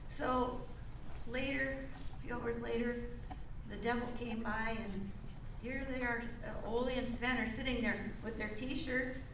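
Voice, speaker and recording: Woman slowly telling jokes on a community stage, higher voice, echoey hall from far off, noisy. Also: steady tone. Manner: folksy storytelling with hesitant restarts. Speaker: amateur variety show performer. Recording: roomy hall from far off with noise.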